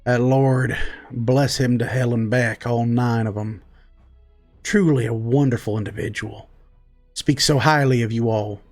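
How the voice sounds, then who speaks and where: A man voicing a charming, flattering male dwarf trader who speaks in a smooth, old-fashioned, folksy way. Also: mid-range voice, a little slow, faint music behind, close to an everyday voice.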